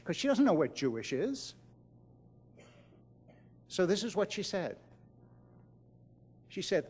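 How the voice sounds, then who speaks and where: A middle-aged man speaks to a large audience, with a fairly high voice that rises and falls in wide, lively swings. He tells stories with dramatic pauses and drops almost to a whisper on the most important lines. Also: big-room sound. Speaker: rabbi giving a keynote speech. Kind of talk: storytelling speech to an audience. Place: large event hall.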